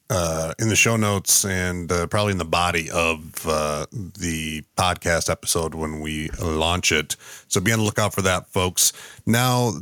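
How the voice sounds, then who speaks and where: A man's voice: on the low side, a bit bright, no echo, clean studio sound. A man hosting a podcast, asking wordy questions with many hesitations and fillers. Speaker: podcast host. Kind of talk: podcast interview.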